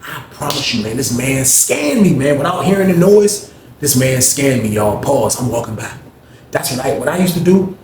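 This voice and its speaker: A man's voice: mid-range voice, sing-song, moderate pace, a crowd in the background. A man telling a casual story in slangy speech, talking to listeners as y'all. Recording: echoey room with faint ambience.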